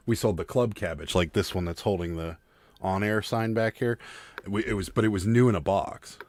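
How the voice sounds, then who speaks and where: A man with a fairly low voice co-hosts a relaxed livestream chat about reselling, spinning stories animatedly and laughing a lot. The sound is dry, with no echo.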